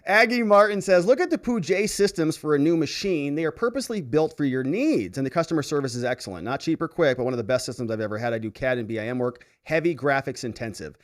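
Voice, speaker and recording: A man's voice: on the high side, fast, hardly any pauses. A man hosting a live stream, reading viewer comments aloud and reacting with frequent laughter and exclamations. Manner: animated, laughs often, reacts loudly to comments. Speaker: livestream host reading viewer chats. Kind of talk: casual live-stream chat.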